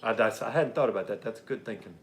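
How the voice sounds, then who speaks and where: A man's voice: fairly low pitch, fast. Male livestream host, blunt and heated, faint hiss in the recording. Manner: blunt and heated, swears freely. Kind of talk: casual political chat reading chat comments.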